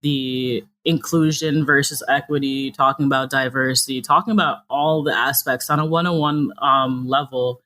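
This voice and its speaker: A young woman from New City, a podcast guest talking in a lively, slangy, casual way with the odd swear. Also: a bass voice, normal speed, hardly any pauses. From New York City. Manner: animated, slangy, swears casually, jumps into mock dialogue. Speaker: podcast guest, content creator. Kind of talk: casual interview chat.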